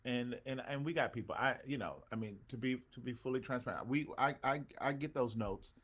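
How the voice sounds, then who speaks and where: Man, pastor, mid-pitched voice, loose livestream chat, preacher swells, talks to viewers by name. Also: fairly quick, a bit bright, husky. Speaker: pastor hosting an online show. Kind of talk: casual livestream talk with a congregation.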